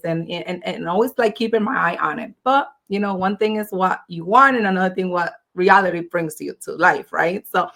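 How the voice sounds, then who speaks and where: A woman's voice: fairly low pitch, a little fast, few pauses, a bit bright. A woman guest speaking in a casual, chatty way on a podcast interview, with many "you know"s and "like"s. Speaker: guest entrepreneur.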